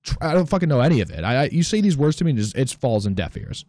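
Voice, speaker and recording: A man's voice: mid-range voice, very animated, racing, a little mellow, no echo, studio quality. A man co-hosting a podcast in casual chat, loose and profane, full of fillers. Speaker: podcast co-host.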